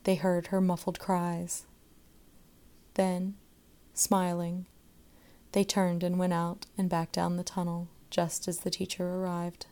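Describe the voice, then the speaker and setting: A woman narrating a short story aloud in a measured, expressive way. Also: fairly low pitch, clear, resonant tone.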